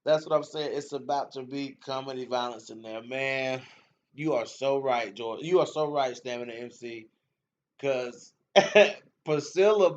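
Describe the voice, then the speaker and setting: A man hosting a casual fight-talk livestream, reading comments, slangy and laughing often, repeating himself. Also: mid-range voice. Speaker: MMA show host reading live comments. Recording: dull lo-fi stream audio.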